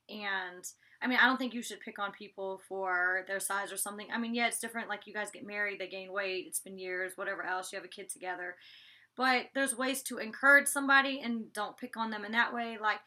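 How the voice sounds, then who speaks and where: A woman's voice: mid-range voice, fairly even intonation, brisk, pushed and bright. A woman casually recapping a reality show she was on, chatty, full of "like"s and restarts. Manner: talks to her dog mid-recap. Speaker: reality show cast member recapping an episode.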